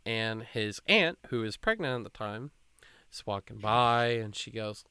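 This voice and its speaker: A man's voice: fairly low pitch, measured pace, smooth, no room sound. A young man from hosting a podcast, telling a long rambling story in casual chat and acting out the people in it. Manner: rambling, animated, acts out quoted people. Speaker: podcast host.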